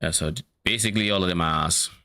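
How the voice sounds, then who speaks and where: A man's voice: low voice, quick pace, pushed and bright, dry recording, clean studio sound. A man streaming a game, casually thinking aloud about loot and swearing now and then. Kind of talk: casual gameplay commentary.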